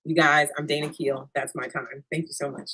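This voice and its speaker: A woman's voice: deep voice, moderate pace, breathy edge, poor audio. Chatty woman doing stand-up. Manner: animated, talks straight to the crowd with "y'all". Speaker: stand-up comedian. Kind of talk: stand-up comedy set over a video stream. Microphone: remote video call.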